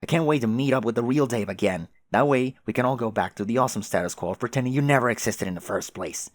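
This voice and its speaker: A man's voice: medium pitch, fast, no echo, close to an everyday voice. A man voicing a furious teenage boy who rants indignantly and sarcastically at a rival.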